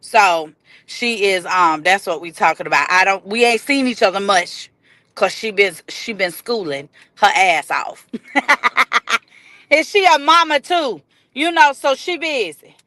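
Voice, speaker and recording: A woman's voice: medium pitch, unhurried, sharp tone, dry recording. A middle-aged woman, hosting a casual livestream, chatting and greeting viewers by name. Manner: chatty, reads and greets viewer comments aloud. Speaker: livestream host.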